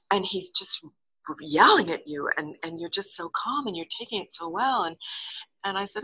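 Bright, lively older woman telling a story. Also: moderate pace, slightly rough, rough recording. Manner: lively, acts out quotes with big pitch jumps. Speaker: interview guest, actress. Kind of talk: casual anecdotal storytelling.

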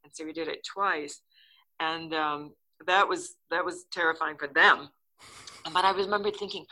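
An older woman, an actress and interview guest, telling a story in a casual, lively way and acting out the lines she quotes. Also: normal speed, poor audio. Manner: lively, acts out quotes with big pitch jumps.

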